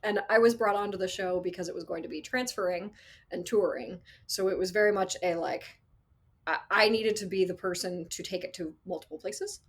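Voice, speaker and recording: A woman working as an associate sound designer, telling stories in a casual interview, animated and acting out quotes with frequent laughs. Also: fairly low pitch, a little fast, breathy edge. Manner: animated storyteller, acts out quotes, laughs often.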